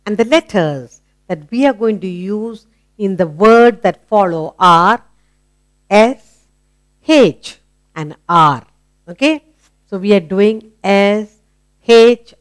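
A woman with an Indian English accent teaching a phonics lesson to young children, asking questions and patiently repeating each word. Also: medium pitch. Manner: slow, patient and explanatory, asks questions and repeats words.

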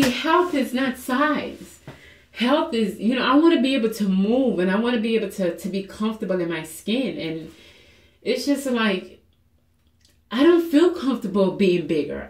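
Emotional woman vlogging in an echoey room. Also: on the high side. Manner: earnest, confessional, many "you know" fillers. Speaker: fitness vlogger. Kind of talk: candid personal vlog.

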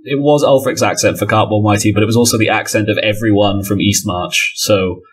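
A man's voice: fairly low pitch, fairly quick, breathy edge. A man narrating a tabletop game as game master, with dry banter and casual swearing.

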